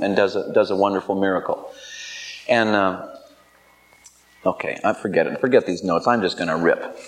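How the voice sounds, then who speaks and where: A man in the middle of a sermon, speaking at a mid-range pitch. He tells stories in a loose, unscripted way and often trips over and repeats his words. When he turns to exhorting his listeners, he grows more emphatic. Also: low-quality recording. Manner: storytelling with many restarts and repeated words. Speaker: pastor.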